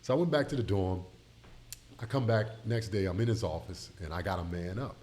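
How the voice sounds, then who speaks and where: A middle-aged man from Tampa Bay, telling an emotional story as a podcast guest, animated and speaking straight to his listeners. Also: low-pitched, a little fast. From Tampa Bay, Florida. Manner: animated, addresses listeners as y'all.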